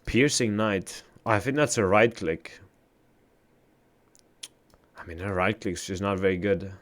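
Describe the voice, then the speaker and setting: Slow-talking profane male streamer. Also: on the low side. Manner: profane, reacts loudly to chat. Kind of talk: casual gaming stream chat.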